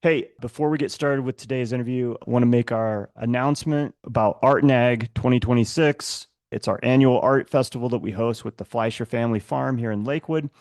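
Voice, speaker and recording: A man with a gravelly voice hosts a podcast in an easygoing way, moving between friendly chat and smoothly read announcements. The sound is dry and close, with no room echo. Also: medium pitch, a little fast, hardly any pauses, a little mellow. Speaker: podcast host. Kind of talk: casual chat and show announcements.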